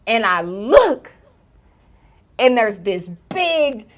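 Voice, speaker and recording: Woman, podcast co-host, high-pitched, casual storytelling, acts out shouts and gasps. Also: expressive, a little slow.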